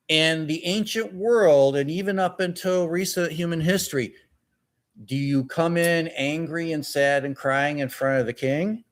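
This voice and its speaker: In a church, a male pastor delivers a sermon, telling the story through animated, acted-out dialogue. His voice sits on the high side.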